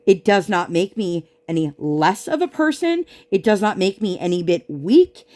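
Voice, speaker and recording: A woman's voice: on the low side, very animated, moderate pace, dark tone. A woman vlogger chatting casually while she crafts, venting her frustration as she retells an argument.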